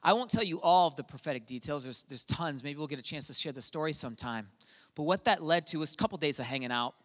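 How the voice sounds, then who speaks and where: Middle-aged pastor guy telling a story in a sermon, goes quiet then loud, echoey church hall. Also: fairly high pitch, expressive, quick pace. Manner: storytelling, swings from quiet to shouting. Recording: long hall reverb.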